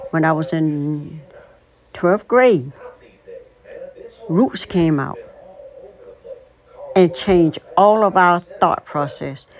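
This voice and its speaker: A woman in her sixties talking in a casual vlog monologue, deliberate, emphatic and opinionated. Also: fairly low pitch, darkish tone. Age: 60s. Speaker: vlogger.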